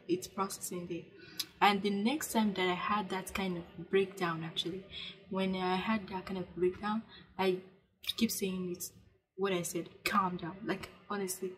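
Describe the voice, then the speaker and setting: A young woman talks straight to camera, giving earnest self-care advice in a loose, chatty way. She circles back and repeats herself, full of "like" and restarts, and urges listeners to say things out loud. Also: medium pitch, poor audio. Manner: coaching, urges viewers to speak aloud. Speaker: vlogger. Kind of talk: casual self-help talk to camera.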